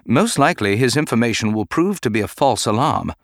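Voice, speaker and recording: A man voicing a calm, measured middle-aged Jedi knight who speaks gently and formally. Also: mid-range voice, dry recording, studio quality, natural voice. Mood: gentle.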